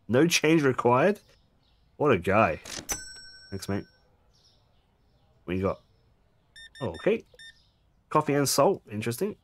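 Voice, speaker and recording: A man's voice: fairly low pitch, big pitch swings, unhurried, long pauses, a little hiss or hum. A man casually commenting on his gameplay, chatty and jokey, swearing now and then and making asides to his viewers. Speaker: gaming streamer.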